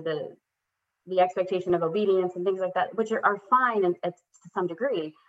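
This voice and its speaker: A woman in her thirties, talking as an interview guest and telling a long story about her family in a candid, self-deprecating way. Her voice sits a little low and comes through dull lo-fi audio, and it brightens when she acts out her children's lines. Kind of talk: casual conversational storytelling.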